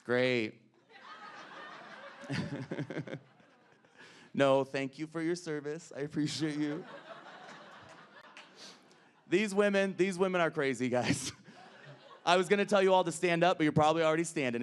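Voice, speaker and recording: A man's voice: fairly high pitch, unhurried, pauses often, a little hiss or hum. A man performing drag stand-up comedy on a club stage, crude and brash in his crowd work.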